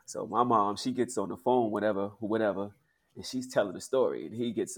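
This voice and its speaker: A man's voice: fairly low pitch, a little fast, creaky. Man telling a family story with laughs. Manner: colloquial storytelling, laughs through punchlines. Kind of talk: casual chat.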